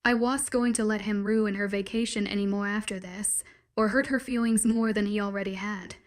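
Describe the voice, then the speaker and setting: A woman narrating a first-person romance story in a steady storytelling read. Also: medium pitch, normal speed.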